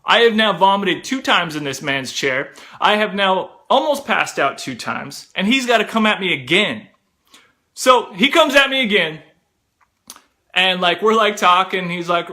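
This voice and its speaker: A young man tells a funny story about himself in a loose, animated, chatty style, peppering it with "like" and "bro." His voice is high for a man, with a bright, forceful edge, and he talks at a normal speed.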